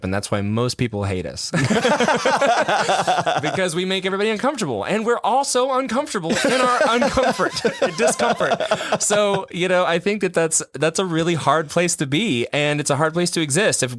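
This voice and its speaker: A young man co-hosting a podcast in casual chat, animated, laughing often and trailing off into restarts. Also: on the high side, no echo, clean studio sound. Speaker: podcast co-host.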